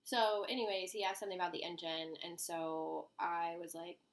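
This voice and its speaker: A woman's voice: on the low side, flat delivery, normal speed, gravelly. A young woman telling a story to the camera in a chatty, amused way, full of fillers and asides. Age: young adult.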